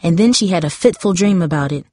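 An audiobook narrator reads a novel chapter in a calm, measured storytelling voice. Her pitch is fairly low, and the recording is dry with clean studio sound.

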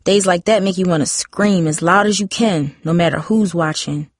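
A woman reading a novel aloud, voicing a defensive, chatty fourteen-year-old girl with high, emphatic outbursts. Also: normal speed, dry recording, studio quality, close to an everyday voice. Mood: frustrated.

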